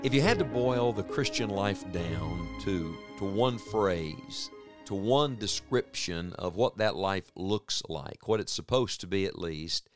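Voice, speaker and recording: A man teaching through a Bible passage on the radio in an earnest, measured way, stressing points through repetition. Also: deep voice.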